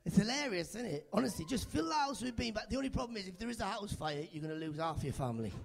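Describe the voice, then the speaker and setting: A man's voice: high voice, big pitch swings, quick pace, creaky, a little hiss or hum. A man doing live stand-up on a club stage, teasing the crowd in chatty, playful banter into a handheld mic. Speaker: stand-up comedian.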